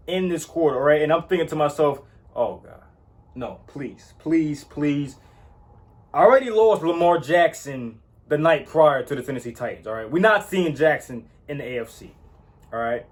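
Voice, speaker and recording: A man giving casual football opinions, emphatic and repetitive, often tagging "all right?" onto his points. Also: fairly high pitch. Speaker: sports commentator. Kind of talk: casual sports opinion talk.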